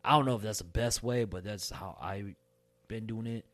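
A man's voice: lowish voice, moderate pace. A young man and father in casual podcast chat, laid-back and slangy, swearing freely.

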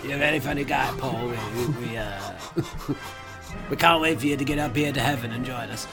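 The ghost of an aging rock star from Liverpool, put on by a man, nasal and earnest, rambling along. His voice sits mid-pitch over a clear music bed. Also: moderate pace, close to an everyday voice. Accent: put-on Liverpool accent. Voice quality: nasal, drifting toward an old posh actor.

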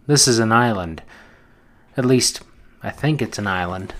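A man's voice: on the low side, measured pace, fairly bright tone. A man reading as a carefree fair-haired boy. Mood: offhand. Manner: offhand, curt replies.

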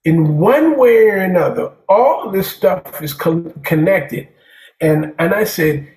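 Speaking slowly in a high-pitched, animated voice with a darkish tone, this man tells rambling stories as a jazz drummer guest in a casual interview. He repeats words and keeps dropping "man" into his speech, and the room echoes.

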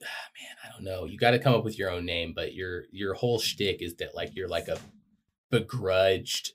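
A man's voice: deep voice, normal speed, slight background noise. Playful man on a casual podcast. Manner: playful, joking. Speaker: podcast co-host. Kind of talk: casual chat.

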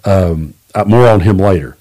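A man from Southeast Kentucky hosts his own podcast, telling stories in a relaxed, folksy, plainspoken manner with a low-sitting voice at a moderate pace. He's blunt, swears freely, and slips into the voices of the people he quotes in this casual monologue.

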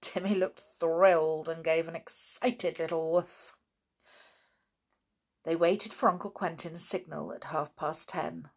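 A woman's voice: low voice, steady tone, takes it slowly, husky. A woman reading a children's book aloud, with chatty asides to her listeners. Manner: chatty, informal asides between passages. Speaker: storyteller.

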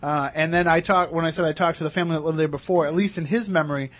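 A man's voice: a little high, steady tone, racing. A man hosting a radio show, chatting eagerly and at length with his guests. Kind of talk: casual radio chat.

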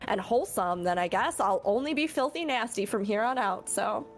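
A woman's voice: medium pitch, lively intonation, normal speed, faint music behind. A woman guest on a gaming podcast, chatting casually in a playful, sarcastic, giggly way.

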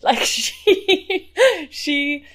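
Woman on a podcast, thinking out loud, long rambly sentences with lots of likes. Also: high voice, animated, drawn-out words. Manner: thoughtful, talks in long chains of clauses with fillers. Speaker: podcast co-host. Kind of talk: casual chat.

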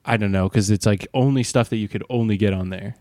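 A man, a comedian co-hosting a casual chat, halting with lots of fillers and deadpan jokes. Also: fairly low pitch, dry recording. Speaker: podcast co-host, comedian.

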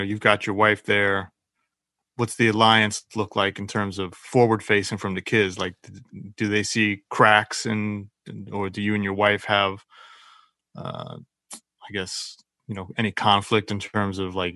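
A low-voiced man hosting a casual chat, with a gravelly, bright tone. His questions come out hesitant and rambling. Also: no echo, studio quality.

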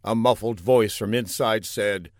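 A man narrating a comic adventure story in a deadpan, playful way. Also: fairly low pitch, unhurried, no room sound, studio quality.

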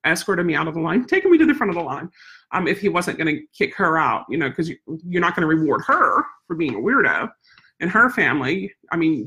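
A woman's voice: fairly low pitch, fairly bright tone. A woman vlogger casually telling a story in a rambling, repetitive, exasperated way. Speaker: vlogger, service dog handler.

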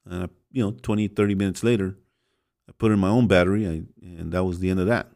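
A man's voice: low voice, fairly even intonation, fast, gravelly, a little mellow. A man hosting a show, telling a rambling everyday story that turns into a sermon, often restarting his sentences and calling listeners "folks". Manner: rambling, self-interrupting, chuckles, addresses listeners as folks. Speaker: podcast host preaching.

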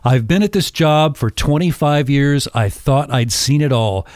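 A man's voice: medium pitch, measured pace, darkish tone, dry recording, studio quality, lightly acted. A podcast host voicing a veteran male medical examiner, amazed and matter-of-fact. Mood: astonished.

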